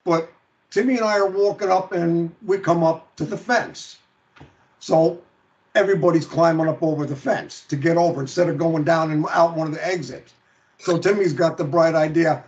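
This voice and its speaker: A man telling a friend's story as a show guest, halting and repeating words, laughing through grief. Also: a little high. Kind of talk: emotional storytelling. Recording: dull lo-fi stream audio.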